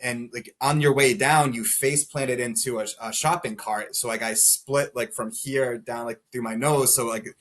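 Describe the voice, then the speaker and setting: A man's voice: medium pitch, steady tone, moderate pace, few pauses. Rambling young man telling his story. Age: 20s. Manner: rambling, many filler "like"s, laughs through dark moments. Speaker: podcast guest. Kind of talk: casual storytelling.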